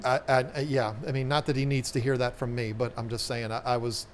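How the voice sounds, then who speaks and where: A man's voice: mid-range voice, little pitch movement, fairly quick, a little hiss or hum. A man with a Southern US accent hosting a casual live chat, rambling and repeating words as he talks. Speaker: aquarium channel host.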